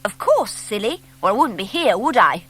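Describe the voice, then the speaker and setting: A woman doing a jolly storybook boy scout, brisk and bossy, a lifted bright tone, lively ups and downs. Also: fairly high pitch, husky, voice pushed up, heavily acted. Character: cheerful confident young boy scout.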